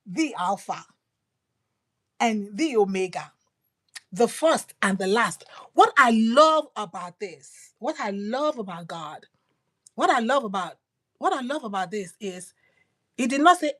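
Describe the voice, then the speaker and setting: Woman preacher, higher voice, emphatic and repetitive, loud lines dropping to whispers. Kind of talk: devotional sermon.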